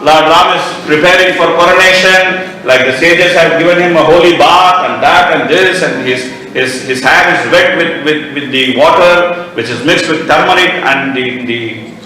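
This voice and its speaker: A man giving a devotional class, retelling scripture as a lively storyteller with moralizing asides. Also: fairly high pitch, a little hiss or hum. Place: temple hall. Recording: echoey temple hall heard from far off.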